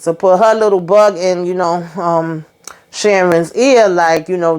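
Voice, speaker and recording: A woman's voice: fairly low pitch, unhurried, darkish tone, smooth. A woman hosting a casual TV episode recap, chatty and rambling with lots of "you know" asides. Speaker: host.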